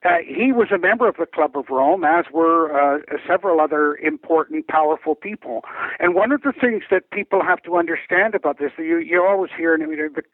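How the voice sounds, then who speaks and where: Older man, fairly high voice, deliberate explanatory guest, thin phone-line sound. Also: no echo. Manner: deliberate, explanatory, repeats words as he restarts. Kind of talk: phone interview, recounting and explaining. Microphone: telephone.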